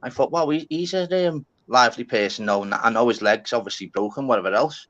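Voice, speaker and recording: A man's voice: mid-range voice, fairly quick, a bit bright. Male streamer, chatty and casual, swears freely, lo-fi sound. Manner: chatty, swears, keeps saying mate and lad. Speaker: channel host. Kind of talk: casual live-stream chat. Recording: lo-fi live-stream audio.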